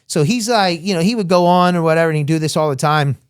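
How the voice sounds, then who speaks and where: A young adult man from Florida, a former smuggler appearing as an interview guest, tells his story casually and animatedly, acting out what other people said. His voice is a little high and smooth, and he talks fast, recorded dry in clean studio sound.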